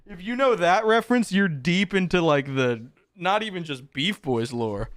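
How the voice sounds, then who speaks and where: Lively, joking young-sounding streamer guy. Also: fairly high pitch, normal speed, few pauses. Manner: animated, joking, swearing, reacting to chat. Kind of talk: casual livestream chat. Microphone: close desk mic with headphones.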